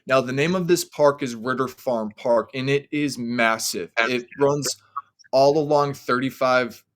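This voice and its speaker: A man's voice: medium pitch, fairly bright tone. A man who is a podcast guest, telling a story casually in rambling sentences full of "like" fillers. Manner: rambling, heavy use of "like" fillers.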